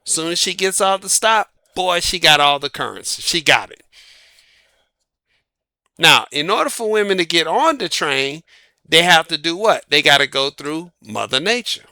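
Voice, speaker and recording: High gravelly voice, guy riffing on dating advice, folksy and emphatic. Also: lively intonation, normal speed, pushed and bright, no echo, clean studio sound. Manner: folksy, emphatic, laughs at own jokes. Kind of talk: casual monologue.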